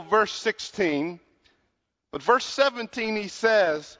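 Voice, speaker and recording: A man preaching a sermon in earnest, slowing down to stress his points, in a large hall. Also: sits high, animated, a bit bright. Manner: earnest, slows down to stress lines. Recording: dull sound with long hall reverb.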